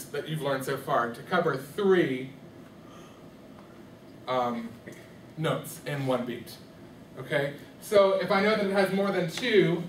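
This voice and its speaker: A male music teacher with a fairly high-pitched voice teaches rhythm to a class, asking questions and often checking that students are following. The recording comes from far off in an echoey classroom, with a little hiss or hum.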